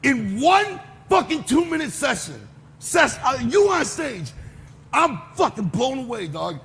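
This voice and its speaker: A man judging a live talent show, reacting with profane, gushing excitement. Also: very high-pitched, a little slow, creaky. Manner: profane, gushing, repeats "dog". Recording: reverberant hall, faint noise.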